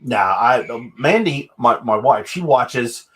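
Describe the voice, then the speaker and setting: A man's voice: medium pitch, expressive, measured pace. A man hosting a casual interview over a video call. He talks in a loose, rambling way, repeats his words, and likes slipping into impressions. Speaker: host. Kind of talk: casual chat.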